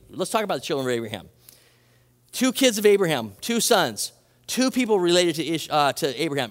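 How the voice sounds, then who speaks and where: A man preaching a sermon as a pastor, animated and conversational, acting out quoted voices and restarting his phrases. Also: a little high, big-room sound.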